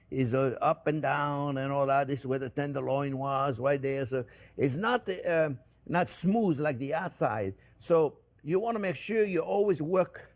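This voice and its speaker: A man's voice: on the high side, darkish tone. A man hosting a home cooking demonstration, chatting to viewers as friends and often repeating himself as he shows each step. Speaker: cooking show host.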